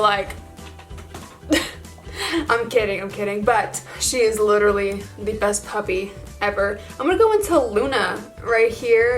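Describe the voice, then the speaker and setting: A young woman beauty vlogger talks through her makeup in a casual, gushing way, filling her sentences with "like". Her voice sits a little high, with soft music playing faintly behind her. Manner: chatty and gushing, full of "like" fillers. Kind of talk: casual get-ready-with-me makeup chat.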